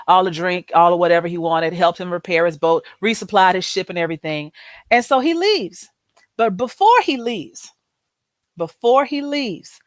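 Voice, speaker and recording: A female show host with a fairly low voice tells a story in a casual, chatty way, recorded dry. She's animated and acts out the people in the story with changed voices.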